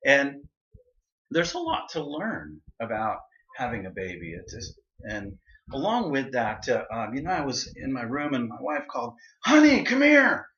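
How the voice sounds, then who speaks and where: A man's voice: medium pitch, sing-song, moderate pace, a bit bright. A middle-aged man giving a personal speech to an audience, telling a story and acting out the voices he quotes. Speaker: speaker. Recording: dull, roomy hall recording.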